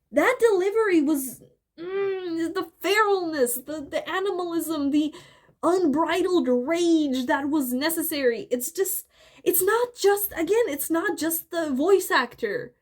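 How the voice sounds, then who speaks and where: A young woman giving a casual, animated film critique, rambling with fillers and restarts and briefly acting out scenes. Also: very high-pitched. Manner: acts out scenes with quick voices. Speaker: video essayist. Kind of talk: casual opinion commentary.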